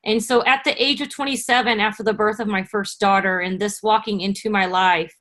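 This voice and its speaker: A woman's voice: medium pitch, steady tone, brisk, fairly bright tone. Earnest woman telling her story. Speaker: guest speaker. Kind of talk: personal story on a video call. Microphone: video call.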